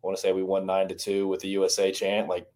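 Guest type: low monotone Southern man, chatty coach, rambles. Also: quick pace. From American South. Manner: rambling, many restarts and "you know"s. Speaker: former college baseball strength coach, guest. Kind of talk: casual podcast interview.

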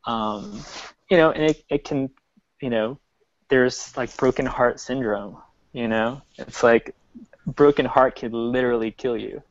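A man's voice: mid-range voice, unhurried, no echo. A man who works as a medium, speaking earnestly and reflectively in a casual group video call. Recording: dull lo-fi video call audio.

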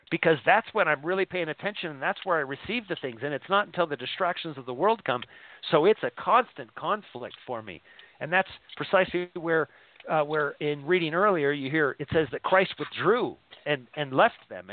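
A man whose voice runs on the high side hosts a casual discussion of faith and scripture. He talks earnestly and rambles, often repeating words while he thinks. The tinny, phone-line sound has a little hiss or hum.

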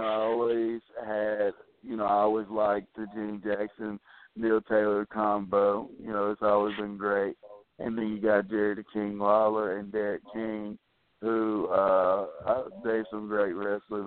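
A hoarse man with a low, flat voice calls in to talk about an upcoming match, stumbling through fillers. The sound is narrow and phone-like. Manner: halting, many fillers. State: hoarse, a little sick. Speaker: wrestler calling in. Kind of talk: phone interview. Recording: tinny phone line.

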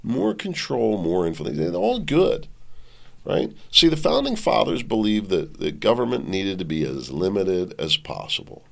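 A man's voice: sits low, very animated, a little slow, vocal fry. A man hosting a commentary show, reading an article aloud and riffing on it in a rambling way. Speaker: podcast host. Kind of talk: political commentary monologue.

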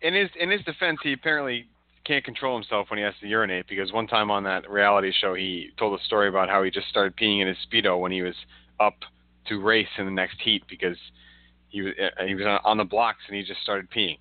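A man's voice: fairly low pitch, fast talker, dry recording. A man co-hosting a casual podcast chat, making wry, jokey asides. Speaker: podcast co-host. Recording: dry, tinny phone-like line.

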